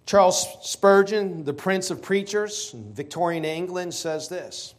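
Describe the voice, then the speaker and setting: A man preaching a sermon, stressing key words slowly and asking rhetorical questions. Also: high voice.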